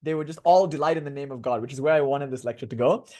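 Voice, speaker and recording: A man in his twenties giving a casual, joking lecture on devotional philosophy to a class, lively and prone to laughing digressions. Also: medium pitch, rapid-fire. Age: 20s.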